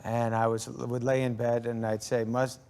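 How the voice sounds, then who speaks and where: A middle-aged man appears as a talk show guest, relaxed and animated as he tells comic stories, often laughing and doing the voices of the people he quotes. His voice is mid-range, gravelly and clean, at a moderate pace. It's casual comic storytelling in a television studio with a live audience, whose laughter and noise come through in the recording.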